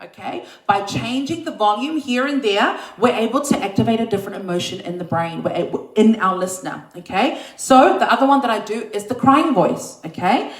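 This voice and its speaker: A woman's voice: on the high side, animated, a little fast, hardly any pauses, reverberant. A woman giving a live online singing lesson in an upbeat way, often checking in with her listeners. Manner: upbeat, checks in with "okay?" and "right?". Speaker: singing teacher.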